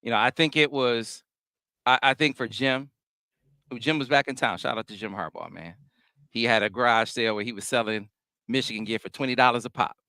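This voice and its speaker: A man hosting a casual sports talk show, speaking in a measured, analytical way with frequent restarts. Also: medium pitch, pushed and bright, smooth, no room sound.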